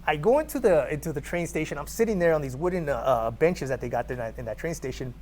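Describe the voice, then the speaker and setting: A man's voice: fairly high pitch, fast talker. A man from California, a podcast guest, telling a story animatedly with many repeated words. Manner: animated, repeats words, acts out quoted dialogue. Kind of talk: conversational storytelling.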